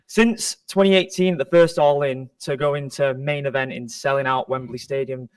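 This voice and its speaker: A man's voice: mid-range voice, steady tone, normal speed, clean tone, no room sound. A man asking a press conference question as a wrestling journalist, polite and earnest. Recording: dry sound from a distant mic.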